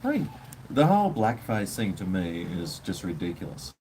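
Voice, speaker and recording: A man's voice: deep voice, huge pitch swings, normal speed, mellow, a little hiss or hum. Blunt Australian man ranting on a livestream. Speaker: live stream host. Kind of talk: casual livestream chat.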